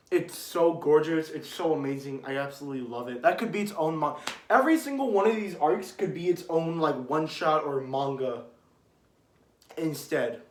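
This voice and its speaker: A man rambling casually and excitedly about his favorite manga arcs, swearing and trailing off. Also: on the high side, roomy sound. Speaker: manga video creator.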